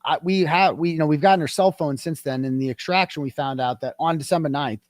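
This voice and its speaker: Guest: animated male storyteller with a slightly high, lively voice who acts out quoted dialogue, recorded dry and close. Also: fast, no room sound. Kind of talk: casual interview storytelling.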